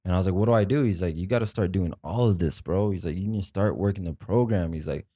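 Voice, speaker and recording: Low-voiced man telling a raw story. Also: fast, mellow, dry recording, clean studio sound. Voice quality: profane, slangy speech. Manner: rambling, emotional retelling with frequent fillers. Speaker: podcast guest. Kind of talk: casual storytelling.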